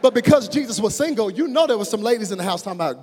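A male preacher giving an animated sermon, moving between hushed storytelling and shouted, drawn-out phrases. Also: high voice, a little hiss or hum. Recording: long reverb of a large hall.

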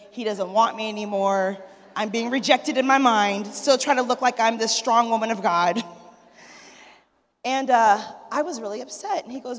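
A woman in her forties, a pastor's wife, telling a funny story to a church audience in an animated way, laughing and acting out the dialogue. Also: on the high side, in a large hall. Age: 40s. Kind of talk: humorous storytelling testimony.

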